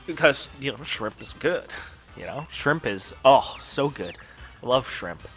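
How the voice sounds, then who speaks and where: A man's voice: medium pitch, lively intonation, a little slow, a bit bright, faint music behind. A man hosting a gaming channel, telling a long personal story over gameplay in a casual, profane, ranting way full of filler words.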